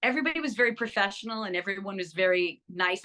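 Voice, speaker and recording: A woman's voice: mid-range voice, fast talker. An older woman, an actress, chatting enthusiastically about her career in an interview, with many ums and restarts. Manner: enthusiastic, animated, lots of fillers. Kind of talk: casual interview chat.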